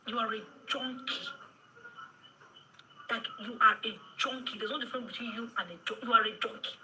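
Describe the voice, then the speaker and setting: A woman's voice: a little high, fairly even intonation, a little fast, background noise. A Nigerian woman giving a heated, scolding reaction commentary, repeating her points and slipping into Pidgin and Yoruba phrases. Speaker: social media commentator.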